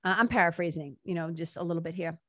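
A woman's voice: on the low side, quick pace, bright, forceful tone, no room sound, studio quality. Chatty woman retelling a story. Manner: chatty, lots of "like" and "right?" tag questions. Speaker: speaker retelling a book passage. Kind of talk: casual talk with read-aloud quotes.

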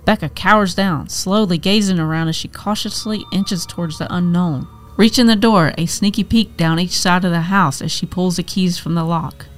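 A woman reading a horror story aloud as scripted narration, measured and tense. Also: lowish voice.

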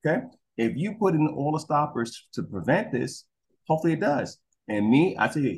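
A man telling stories in a casual interview as a guest. He swears freely and acts out dogs and people in quick voices. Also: a little high, sing-song. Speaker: guest, crime scene investigator. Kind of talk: animated storytelling in casual interview.

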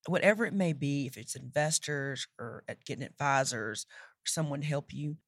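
A woman who founded a startup, giving emphatic motivational talk in a casual chat, slowing down for her punchlines. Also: low-pitched, no echo, studio quality. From Texas. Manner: emphatic, preachy, slows down for punchlines.

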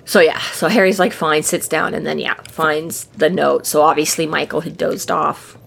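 A woman's voice: sits low, fairly even intonation, normal speed, vocal fry, fairly bright tone, slight background noise. Swearing, rambling woman podcast host. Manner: swears freely and acts out characters' lines; rambling, with many fillers and restarts. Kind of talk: casual book discussion chat.

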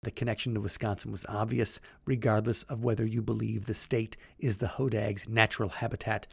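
A man with a gravelly, fry-laden voice on the lower side co-hosts a casual podcast. He reads old newspaper clippings aloud in a brisk, animated way, then drifts into loose chat. The sound is dry and close, with no room around it. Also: no echo. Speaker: podcast co-host.

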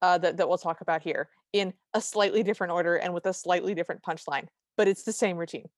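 A woman's voice: fairly low pitch, steady tone, quick pace, dry recording, clean studio sound. A woman co-hosting a podcast, giving wry, detailed recaps in casual chat. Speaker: podcast co-host.

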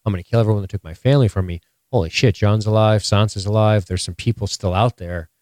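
Man, lowish voice, excitable, swears a lot, casual recap chat, dry close mic. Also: fast, dry recording. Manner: profane, excitable, animated. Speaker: podcast co-host. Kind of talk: casual live-stream show recap chat.

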